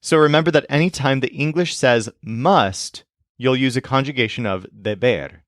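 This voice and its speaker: A man teaching a language lesson, explaining grammar in a clear, scripted way and giving English sentences to translate. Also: medium pitch, dry recording, clean studio sound. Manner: slow, clear explanatory delivery.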